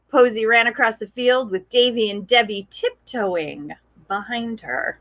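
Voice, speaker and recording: A woman reading a picture book aloud to children, gentle and expressive, asking the children questions. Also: a little high, measured pace. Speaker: storytime reader.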